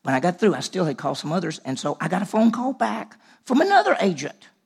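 Gravelly husky guy from mississippi, animated storyteller in a sermon. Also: high-pitched, quick pace. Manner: animated storyteller acting out dialogue. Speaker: preacher telling a personal story. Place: large room with audience.

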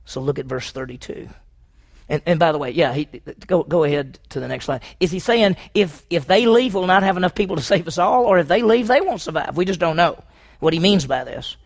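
A man's voice: a little high, animated, brisk, creaky. A man preaching a sermon on a Bible passage, asking his listeners questions and acting out what people said. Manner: asks the audience questions, acts out quotes.

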